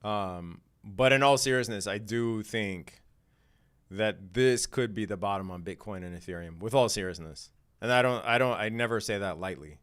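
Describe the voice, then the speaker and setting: A man's voice: lowish voice, normal speed, fairly bright tone, smooth. A man hosting a live day trading stream, talking in a casual, slangy, laid-back way and laughing often. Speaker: day trading livestream host.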